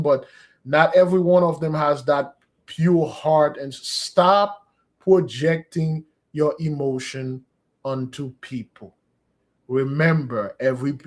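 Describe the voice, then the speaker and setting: A man delivers an earnest sermon that flows into a spoken prayer, exhorting his listeners and addressing them as beloved. His voice sits a little higher than most men's. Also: darkish tone. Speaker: preacher.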